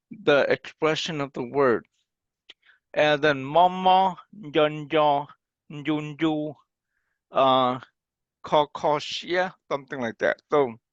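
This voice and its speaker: Slow, patient male language teacher. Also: a little high, no room sound, highs cut off. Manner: patient, explanatory, demonstrates example phrases. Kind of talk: online class lecture.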